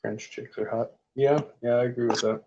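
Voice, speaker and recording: A man casually reading book passages aloud in a vlog, with offhand asides and halting attempts at French. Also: medium pitch, steady tone, muffled recording, heavy background noise. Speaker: vlogger.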